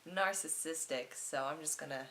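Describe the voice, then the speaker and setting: A young woman vlogging to her webcam at home, hoarse from a cold, telling a rambling comic story in an animated, self-mocking way that swings between loud and quiet. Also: deep voice, moderate pace, a little hiss or hum.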